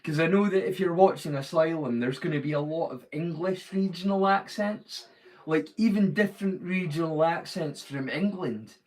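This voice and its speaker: A man's voice: fairly high pitch, moderate pace, darkish tone, rough recording. A man with a Scottish accent chatting casually to viewers during a watch-along stream, rambling and explaining with many restarts. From Scotland.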